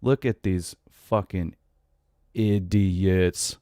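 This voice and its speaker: A man's voice: low voice, fairly even intonation, extremely slow, dark tone, clear, resonant tone, dry recording, clean studio sound. A man in his thirties hosting a podcast, ranting in a casual, exasperated, profane way. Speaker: podcast host.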